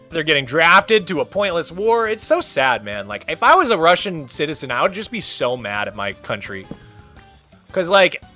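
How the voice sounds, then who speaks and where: Animated, high-pitched rambling streamer man. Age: 30s. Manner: rambling, animated, full of "like" fillers. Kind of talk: casual chat on a live game stream.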